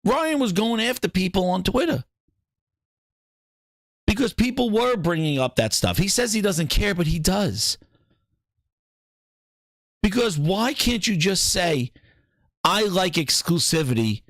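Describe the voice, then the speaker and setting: A man's voice: high voice, very animated, a little slow, pauses often, no room sound, studio quality. A man hosting a gaming channel, delivering a heated, profanity-laced solo rant.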